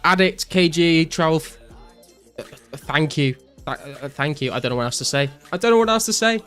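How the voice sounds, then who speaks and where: A young British man live-streaming a game, casually chatting and excitedly thanking viewers, swearing often. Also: a little high, normal speed, clean tone, faint music behind. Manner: excitable, swears a lot, thanks donors profusely.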